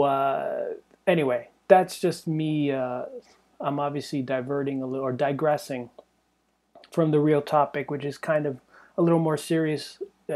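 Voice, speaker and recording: Gravelly man rambling on a podcast. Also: mid-range voice, darkish tone. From Canada. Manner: rambling and digressive, chuckles between thoughts. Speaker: podcast host. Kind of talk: casual podcast monologue.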